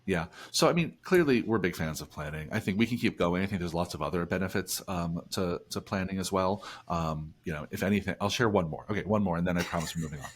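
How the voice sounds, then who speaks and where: A man's voice: deep voice, fast talker, hardly any pauses. A man from New Jersey hosting a business podcast, chatty and upbeat, often restarting phrases as he talks. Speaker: podcast host. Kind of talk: casual podcast conversation.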